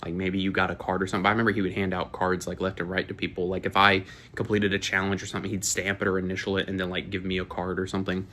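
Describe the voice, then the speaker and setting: A man's voice: deep voice, little pitch movement, racing, hardly any pauses, pushed and bright. A man in his twenties from Florida, telling rambling, profane stories in a casual chat. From Florida, USA. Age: 20s. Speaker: YouTuber. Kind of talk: casual storytelling to camera.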